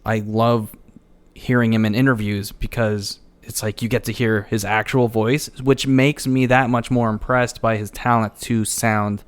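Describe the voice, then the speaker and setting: A man's voice: lowish voice, flat delivery, a little slow, smooth. A man co-hosting a podcast, talking casually in an earnest, agreeable way with small stammered restarts. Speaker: podcast co-host. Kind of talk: casual chat.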